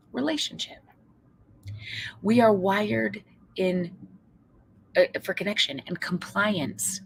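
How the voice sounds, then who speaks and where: A woman psychologist giving a lively keynote talk to parents, telling stories with humorous asides and acting out quoted voices. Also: deep voice, vocal fry, a little hiss or hum. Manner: conversational, checks in with the audience.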